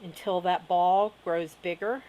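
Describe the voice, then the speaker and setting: A middle-aged woman teaching a witchcraft lesson on video, talking in an unhurried way and checking in often with "okay?". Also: fairly low pitch, steady tone, warm tone. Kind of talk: instructional video talk.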